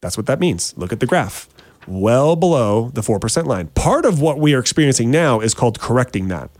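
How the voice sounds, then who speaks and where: A man's voice: medium pitch, big pitch swings, a little fast, a little mellow, dry recording. A man hosting a real estate talk show, explaining in a chatty, casual way, calling listeners friends and repeating words as he thinks.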